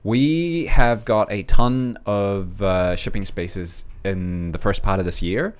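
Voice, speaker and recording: Casting: man, lower voice, calm and reassuring explainer on a live stream. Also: takes it slowly, clear, resonant tone. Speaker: co-host explaining shipping.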